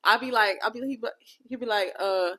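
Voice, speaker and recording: A woman's voice: a little high, steady tone, fast, sharp tone. A young adult woman hosting her own podcast, chatting alone in a candid, playful, profane way that rambles from point to point. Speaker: podcast host. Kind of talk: casual solo podcast chat.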